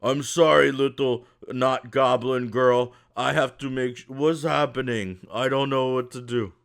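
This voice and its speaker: A man's voice: mid-range voice, steady tone, a little slow, vocal fry, fairly bright tone, pitched above the performer's own voice. A man voicing a big, timid male ogre who frets and hesitates. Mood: fretful. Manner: hesitant, anxious, fretful.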